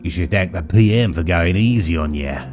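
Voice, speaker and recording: A man voicing a gruff male prison officer in a put-on Australian accent, drawling through official paperwork. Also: deep voice, lively intonation, normal speed, music in the background, pitched below the performer's own voice. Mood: brusque official.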